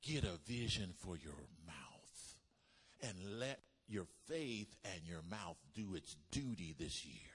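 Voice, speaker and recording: A man preaching a sermon as pastor, calling for responses from the congregation and rising to loud bursts. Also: low voice, big pitch swings, slow pace, breathy edge.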